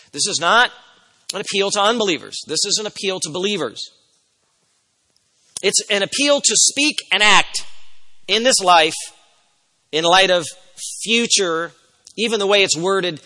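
A man preaching an expository sermon as a pastor, emphatic, swinging from loud stresses to quiet asides. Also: medium pitch, in a large hall, poor audio.

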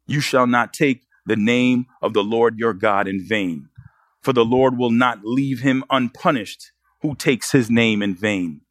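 A man's voice: mid-range voice, a little slow, no room sound, studio quality. A man preaching a sermon as pastor, pressing the congregation with earnest rhetorical questions.

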